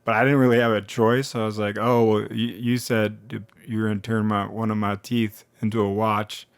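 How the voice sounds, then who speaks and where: A man telling a comedic story in a rambling, animated way, often interrupting himself. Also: lowish voice, normal speed, clean tone, no room sound. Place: now living in Colorado.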